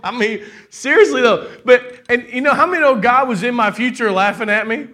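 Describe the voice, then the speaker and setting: Male pastor, middle-aged, high bright voice, preaching with lots of call-and-response. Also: brisk. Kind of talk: sermon.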